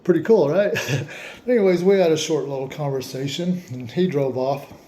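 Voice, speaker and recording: A man's voice: on the high side, moderate pace, mellow. A man telling a long personal story in a casual, rambling way, often restarting his sentences. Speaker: vlogger.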